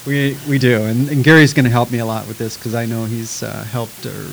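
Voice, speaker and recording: A man host with a gravelly, creaky voice at a middle pitch. He chats with his guest in a folksy, rambling way. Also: level tone, brisk, a bit bright, a little hiss or hum, poor audio. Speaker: show host. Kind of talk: casual on-air chat.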